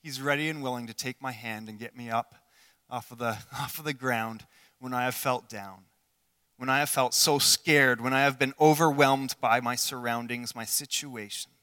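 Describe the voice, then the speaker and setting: A man preaching a sermon in an earnest way, asking the listeners questions and swinging between loud passages and hushed ones. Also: medium pitch, steady tone, normal speed, clean tone. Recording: long hall reverb.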